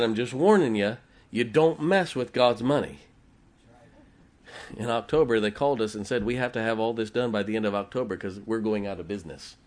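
Folksy low-voiced pastor telling a story. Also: male voice. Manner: folksy, animated storytelling with quoted dialogue. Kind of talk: sermon storytelling.

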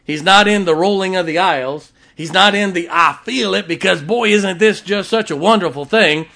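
A man preaching a sermon from the pulpit, swinging between loud emphatic points and quiet asides. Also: sits high, moderate pace. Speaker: pastor. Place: church sanctuary.

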